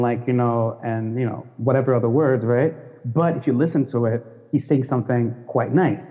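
Frank American man in a reverby hall. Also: mid-range voice. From United States. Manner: frank, restarts a lot, laughs easily. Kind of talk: casual discussion. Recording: dull sound with long hall reverb.

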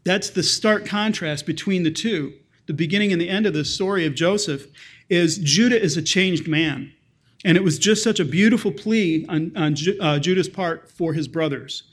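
High-voiced man preaching conversationally. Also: moderate pace. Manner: conversational, explanatory, acts out quoted lines softly. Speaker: pastor. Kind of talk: sermon.

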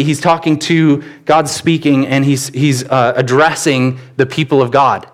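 A man preaching a church sermon, telling stories with sudden bursts of animation. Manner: animated storytelling with sudden rises in pitch. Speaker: pastor.

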